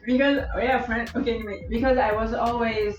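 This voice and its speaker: A young woman chatting casually as a guest, animated and laughing often, restarting her sentences. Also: a little high, a little fast, echoey room, muffled recording, loud music behind the voice. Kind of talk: casual chat.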